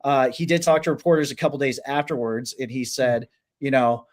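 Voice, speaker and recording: A man guesting on a sports podcast, talking casually and thinking out loud with many fillers. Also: mid-range voice, a little fast.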